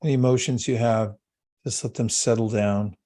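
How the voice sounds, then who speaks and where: A man giving a spiritual talk and a guided meditation, speaking slowly, calmly and soothingly with long pauses. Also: mid-range voice. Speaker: spiritual teacher.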